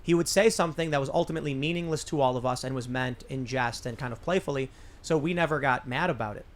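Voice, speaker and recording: A man's voice: mid-range voice, fast talker. A man hosting a political talk show, telling a rambling story with many restarts. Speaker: podcast host.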